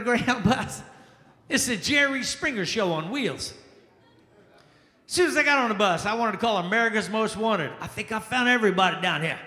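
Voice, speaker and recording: A man doing stand-up comedy for a small live crowd, his high, bright voice swinging widely in pitch. He banters and asks the audience questions as he goes. The sound carries a roomy echo with a long reverb tail from the lounge. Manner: animated, crowd-work banter with quick asides. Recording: echoey room with long reverb.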